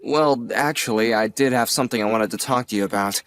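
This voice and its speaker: An actor voicing a young adult nephew who is earnest, apologetic and a bit sheepish. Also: male voice, medium pitch, a little fast, fairly bright tone, clean tone, soft background music, natural voice. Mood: hesitant. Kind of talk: audio drama acting.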